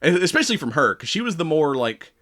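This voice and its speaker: A man's voice: a little high, big pitch swings, fairly bright tone. A man co-hosting a podcast, chatting casually about a movie, laughing often and acting out characters' lines. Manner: laughing, acts out lines in quick voices. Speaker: podcast co-host.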